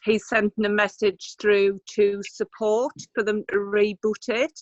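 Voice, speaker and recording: A woman on a team video call, explaining a problem in a calm, matter-of-fact way. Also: medium pitch, measured pace, no room sound. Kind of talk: casual online meeting talk. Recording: dull video-call audio.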